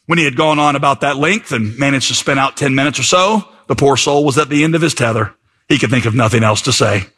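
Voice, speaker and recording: Bright-voiced pastor preaching casually. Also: male voice, medium pitch, fast, slightly rough. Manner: conversational, reads passages aloud with fillers. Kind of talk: sermon.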